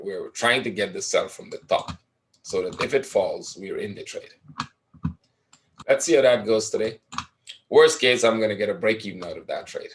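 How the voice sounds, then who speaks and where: Low-voiced man walking through trading charts. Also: fairly bright tone. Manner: conversational, explaining chart patterns, often tags "right?". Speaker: forex trading educator. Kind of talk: live trading webinar commentary over charts.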